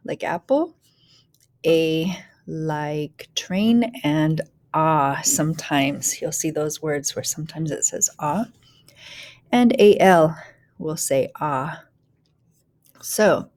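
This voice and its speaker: A woman teaching a phonics lesson, blending words slowly sound by sound and often dropping to a breathy whisper on single sounds. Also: sits low, darkish tone. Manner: slow, deliberate sound-by-sound blending.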